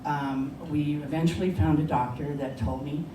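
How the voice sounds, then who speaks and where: A woman's voice: deep voice, steady tone, moderate pace. A woman telling a personal story at a live story slam, conversational and often laughing. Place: bar lounge stage. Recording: echoey lounge, distant mic, background noise.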